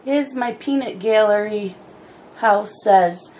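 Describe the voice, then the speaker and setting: A middle-aged woman chatting casually while she colors, unhurried, with wry asides and a bout of hiccups. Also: mid-range voice, a little mellow, a little hiss or hum. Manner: chatty, slow and unhurried, mildly exasperated asides. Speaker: coloring channel host.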